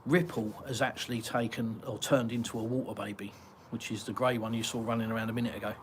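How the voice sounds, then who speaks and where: A man from England reads out viewer comments during a casual live Q&A in his garden, chatty and rambling with lots of ums and uhs as he answers the chat. He talks fast in a mid-range voice with fairly even intonation, and there's a little hiss or hum.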